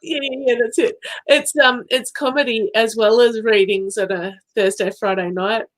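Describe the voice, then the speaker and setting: A woman's voice: on the high side, fairly even intonation, normal speed. A woman co-hosting a live card-reading show, chatting and making light, laughing asides. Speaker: co-host. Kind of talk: live-stream chat.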